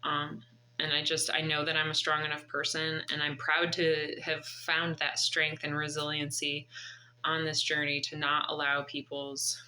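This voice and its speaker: In a poorly recorded vlog, a thirty-something woman recounts a personal story with earnest, reflective faith. Her low voice is monotone, pushed and bright, and she keeps a moderate pace.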